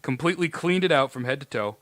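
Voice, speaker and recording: A man's voice: mid-range voice, animated, quick pace, fairly bright tone, dry recording. A man with a New England accent co-hosting a podcast, telling stories in easygoing casual chat. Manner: easygoing storyteller. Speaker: podcast co-host.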